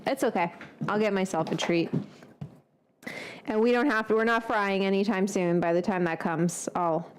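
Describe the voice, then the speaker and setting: A woman's voice: mid-range voice, fairly even intonation, normal speed, long pauses, a little hiss or hum. A woman hosting a casual cooking vlog, rambling and thinking aloud as she chats. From United States. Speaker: cooking show host.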